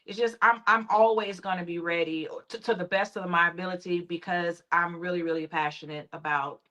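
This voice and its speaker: Bright, confident woman choir director; emphatic and self-assured in conversation. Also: fairly low pitch, fairly even intonation, brisk, highs cut off. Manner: emphatic, confident, faith-centered. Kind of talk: casual interview talk.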